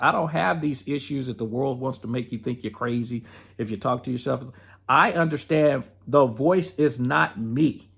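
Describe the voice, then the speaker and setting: Male podcast host, gravelly and husky, chatty motivational talk that calls listeners "folks". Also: medium pitch, normal speed, a bit bright. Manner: conversational, addresses listeners as folks, acts out inner dialogue.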